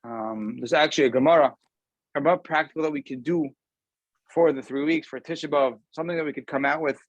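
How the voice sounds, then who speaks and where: A man, a rabbi, giving a casual weekly Torah talk over a video call, speaking conversationally and often pausing with ums. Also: on the high side, dry recording, muffled recording. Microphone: video call camera.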